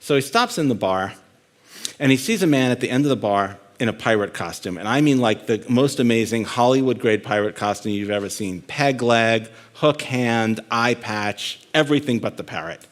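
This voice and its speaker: A man speaks as the guest in a fireside chat on a conference stage. His voice sits at an ordinary middle pitch, and his manner is joking and self-deprecating, the way a storyteller talks. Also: lively intonation, normal speed.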